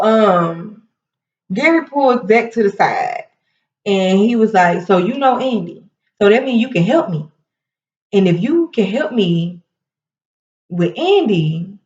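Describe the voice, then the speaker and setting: A woman hosting a casual TV recap, retelling scenes in an animated way, laughing often and quoting the characters in quick asides. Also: medium pitch. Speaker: recap show host. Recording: roomy, distant, dull sound.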